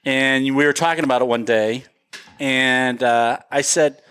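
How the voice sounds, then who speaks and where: A man's voice: medium pitch, steady tone, fairly bright tone, clean tone. Guy hosting a chat show, mid voice, lots of yeah yeah. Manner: friendly interviewer, quick affirmations. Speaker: podcast host. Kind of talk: casual chat.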